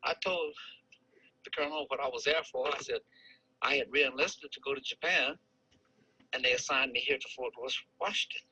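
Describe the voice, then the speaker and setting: An old army veteran in his eighties, from St. Louis, tells his life story in an interview. His voice is husky and strikingly bright and edgy, and he rambles, restarting sentences and chuckling now and then. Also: mid-range voice, fairly quick, pauses often, lo-fi sound. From St. Louis, United States. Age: 80s. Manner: chuckles while recalling.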